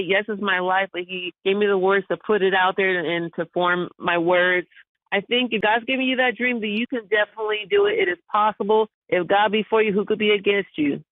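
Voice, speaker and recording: A woman's voice: mid-range voice, no room sound. A woman being interviewed as an author, speaking with joyful religious fervor and laughing often. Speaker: author guest. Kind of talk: phone interview. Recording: tinny phone line.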